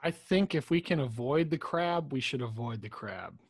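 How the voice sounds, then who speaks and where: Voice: medium pitch, expressive, normal speed, husky, no echo, studio quality. A player in a tabletop game, talking casually with wry, self-deprecating humor.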